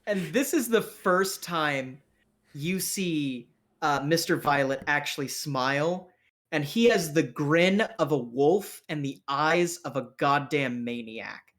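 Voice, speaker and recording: A man's voice: fairly high pitch, slow pace, a bit bright. Casual man narrating a tabletop game. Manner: casual, vivid, with fillers and restarts. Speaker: game master.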